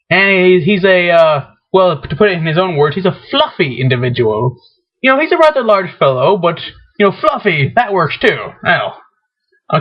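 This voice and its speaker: A man talking in a rambling, hesitant opinion monologue, full of fillers and restarts. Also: high voice. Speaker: vlogger. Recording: dull lo-fi webcam recording.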